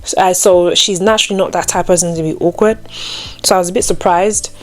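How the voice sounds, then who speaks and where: Speaking fast in a lowish, fairly even voice, a young Christian storytime vlogger chats through a personal faith story peppered with "like" and "you know." When she quotes other people, she raises her voice to act them out.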